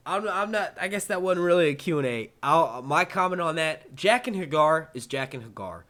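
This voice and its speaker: A man with a New York accent hosts a laid-back live-stream Q&A, fielding chat questions in an excitable, rambling manner and swearing offhandedly. His voice sits on the high side at a normal speed.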